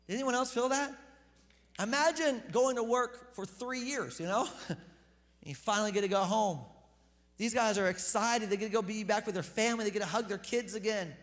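A man preaching a casual, conversational sermon as pastor, joking with the congregation and repeating words when he gets excited. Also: high-pitched, normal speed. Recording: long hall reverb.

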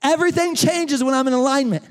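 High-voiced male pastor in a big reverberant church. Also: fast talker. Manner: animated, talks straight to the congregation. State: out of breath. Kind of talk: sermon with a live running demonstration. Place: church sanctuary. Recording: long reverb of a large church hall.

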